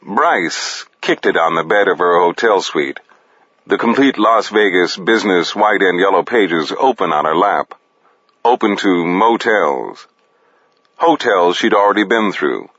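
Slow, low-voiced male narrator. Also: animated, a bit bright, no echo. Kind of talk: audiobook narration. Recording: dull, dry close recording.

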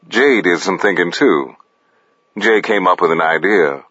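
A man narrating fiction in an expressive, deliberate manner. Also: deep voice, breathy edge, dry recording, dull audio. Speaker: audiobook narrator.

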